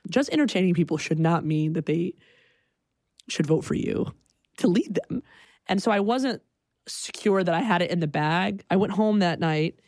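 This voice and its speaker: A woman telling a personal story in an animated way, acting out the people in it. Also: on the low side, moderate pace, no room sound, clean studio sound. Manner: animated, breaks into loud acted quotes.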